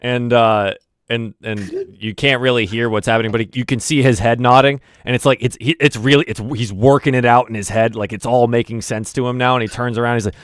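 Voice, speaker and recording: A man's voice: mid-range voice, steady tone, fairly quick, smooth, no echo, studio quality. A man narrating as game master, rambling with many fillers and restarts.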